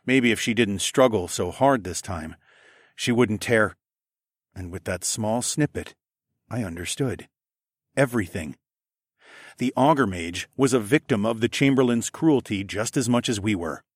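A man's voice: lowish voice, animated, unhurried, slightly rough, no echo, clean studio sound. A man narrating a first-person fantasy audiobook expressively, acting out the dialogue.

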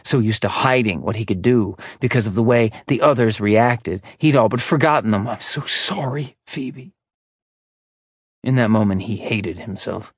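A man narrating an audiobook in a steady, measured reading voice. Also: fairly low pitch, breathy edge, no echo, clean studio sound. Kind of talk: scripted narration.

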